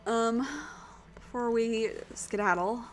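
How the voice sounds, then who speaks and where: Chatty woman streamer with a rough throat. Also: fairly high pitch, fairly even intonation, slow. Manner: chatty, rambling, swears casually. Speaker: game streamer. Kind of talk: casual chat while streaming a game.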